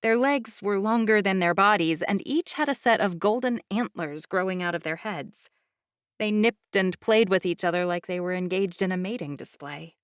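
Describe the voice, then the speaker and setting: An audiobook narrator reads a fantasy novel aloud in first person, her storytelling even and clear. Her pitch is medium and her pace moderate. The scripted recording has clean studio sound with no room echo.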